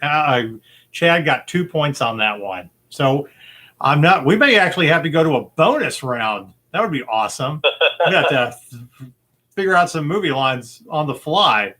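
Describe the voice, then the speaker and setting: A man's voice: fairly high pitch, very animated, moderate pace, pushed and bright. A man hosting a casual podcast movie quiz, upbeat and chatty, laughing easily. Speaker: quiz host.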